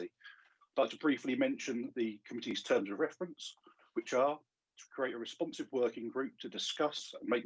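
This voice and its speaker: Man, councillor, formal report reading, husky, dull lo-fi sound. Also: medium pitch. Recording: dull lo-fi video call audio.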